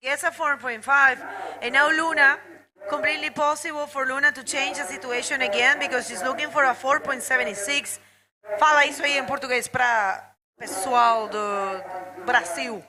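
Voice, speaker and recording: A woman's voice: sits high, steady tone, normal speed, poor audio. A woman doing live bodyboarding commentary, chatting and greeting viewers. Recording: loud crowd behind.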